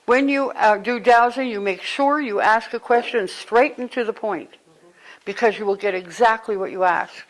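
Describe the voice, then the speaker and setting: A woman speaking as a spiritual teacher to a live group, conversational and animated, telling stories and breaking into sudden exclamations. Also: fairly high pitch, normal speed, poor audio.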